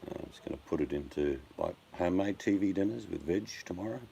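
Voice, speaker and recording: Speaking fast with vocal fry, this older Australian man has a deep, dark voice as he chats on a live stream. Blunt and jokey, he addresses viewers by name, and there's a faint hum of background noise.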